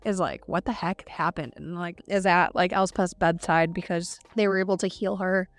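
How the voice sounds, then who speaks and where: A woman's voice: on the low side, steady tone, moderate pace, no echo. A woman co-hosting a podcast, casually recapping a novel's scenes, full of "like" and quoting characters as she goes. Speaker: podcast co-host. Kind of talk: casual book discussion.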